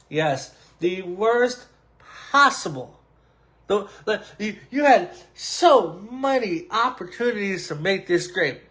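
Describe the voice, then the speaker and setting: A male podcast host in casual sports and wrestling talk, hoarse with a cracking voice, animated and stretching words for drama. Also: on the high side, takes it slowly. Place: home room at a computer. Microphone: desk microphone.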